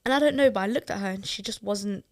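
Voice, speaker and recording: A woman, a mother hosting a podcast and sharing personal stories in an expressive way. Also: medium pitch, fast talker, no room sound, studio quality. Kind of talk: casual podcast chat.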